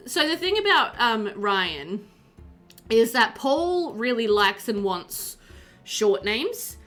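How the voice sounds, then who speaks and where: Her voice sits in the middle range, pushed and bright. She's a young streamer in easygoing conversation with her live chat, chatty and giggly, reading viewers' messages out loud and laughing a lot.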